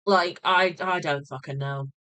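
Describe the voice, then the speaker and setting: Bright-voiced woman venting on stream. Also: deep voice, fairly even intonation, measured pace. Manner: venting, swears freely, laughs often. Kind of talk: casual live-stream chat.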